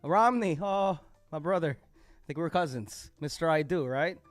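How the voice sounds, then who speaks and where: A man hosting a live poetry open mic, recapping each performer's lines and thanking them, animated and quick to laugh. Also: fairly high pitch, dry recording, soft background music. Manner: animated, laughing, quoting performers with shouted bursts. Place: poetry cafe venue, live.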